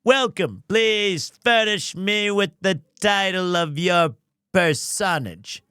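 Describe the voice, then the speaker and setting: A man's voice: sits high, slow pace, sharp tone, smooth, no echo, clean studio sound, heavily acted. A man voicing a pompous male company president, trying out grandiose, formal greetings.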